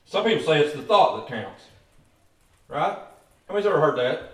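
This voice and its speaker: A pastor with a slightly high voice preaches a sermon at a moderate pace, with big pitch swings and frequent pauses. He tells folksy stories and calls out emphatically to his congregation, captured by a distant mic in an echoey church hall.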